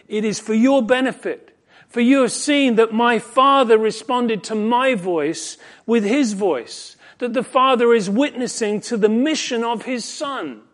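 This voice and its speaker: A man preaching an expository sermon, earnest and emphatic, slowing down when he quotes scripture. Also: high voice.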